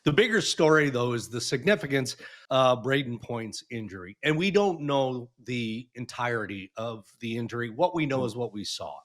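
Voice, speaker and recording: A man's voice: mid-range voice, lively intonation, moderate pace, a bit bright. Man co-hosting a hockey podcast. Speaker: podcast co-host.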